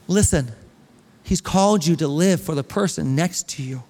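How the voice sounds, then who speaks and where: A man preaching a sermon as pastor, animated and reading scripture aloud to his congregation. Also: on the high side, normal speed, long reverb tail. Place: church hall.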